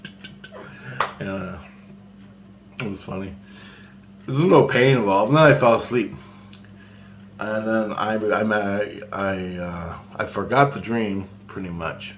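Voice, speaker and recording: A man with a fairly low voice tells a long personal story in a loose, casual way. He stops, restarts and circles back often, dropping in the odd swear word, with a faint hum under the recording. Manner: rambling and halting, with frequent restarts and casual swearing. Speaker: storyteller recounting a personal experience. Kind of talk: casual spoken anecdote.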